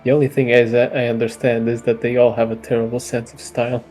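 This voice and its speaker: Guy playing a tabletop game, casual and kinda puzzled, warm mellow voice. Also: mid-range voice, level tone, fast talker, soft background music. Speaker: player. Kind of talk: casual chat.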